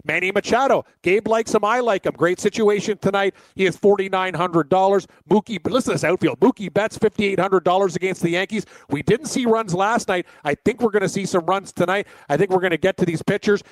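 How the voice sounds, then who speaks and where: A man co-hosting a casual sports talk show, excitable and jokey as he rattles off picks. His voice sits high for a man. The sound is dry and close. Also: a little fast, hardly any pauses, no echo. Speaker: co-host.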